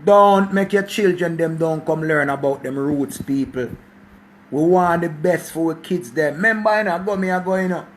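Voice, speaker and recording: A man's voice: a little high, normal speed, slight background noise. A Jamaican man in his forties giving a preachy life talk in a mix of patois and English, repeating himself and swearing. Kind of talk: passionate casual monologue.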